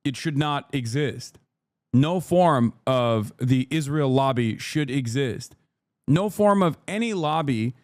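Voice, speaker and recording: A man's voice: medium pitch, lively intonation, slow, dry recording. A man giving sarcastic, heated commentary on a clip during a live stream. He swears often.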